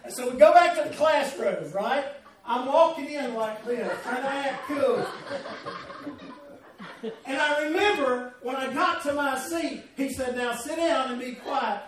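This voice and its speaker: A middle-aged man with a Southern American accent telling a personal story in a sermon, folksy and laughing through the tale. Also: extremely high pitch. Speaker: pastor. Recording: echoey, from a distance.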